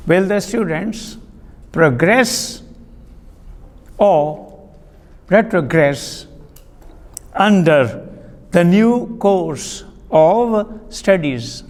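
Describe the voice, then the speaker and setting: Slow, high-voiced male teacher dictating. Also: expressive, in a large hall. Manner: slow, deliberate, spells out words and repeats sentences for dictation. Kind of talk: classroom vocabulary lecture. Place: classroom.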